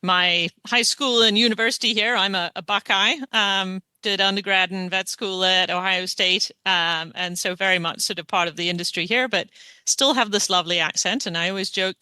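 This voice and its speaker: A woman's voice: fairly low pitch, pushed and bright, clean tone, no room sound. A woman in her forties with a South African accent, a veterinarian introducing herself on a panel in a chatty way, with many ums. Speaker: veterinarian, guest.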